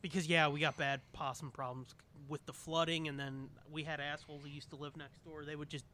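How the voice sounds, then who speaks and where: A man's voice: fairly high pitch, fairly quick, slight background noise. A man co-hosting a podcast, telling a neighborhood story in casual, profane chat and acting out the people in it. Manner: animated storyteller, swears often, acts out quotes. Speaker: podcast co-host.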